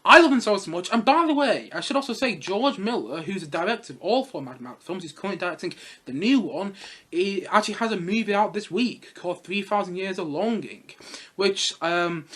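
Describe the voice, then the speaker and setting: Young guy with a high voice gushing about movies, excitable, rambly, laughs a lot. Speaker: film reviewer. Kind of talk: casual film review vlog.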